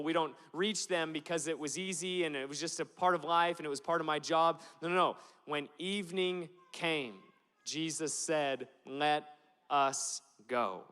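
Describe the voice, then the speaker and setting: A man from Alaska preaching a passionate sermon in a church, moving from slow, weighty lines to animated storytelling. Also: a little high. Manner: passionate, builds from slow emphatic lines to loud animated retelling. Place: church auditorium. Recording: long hall reverb.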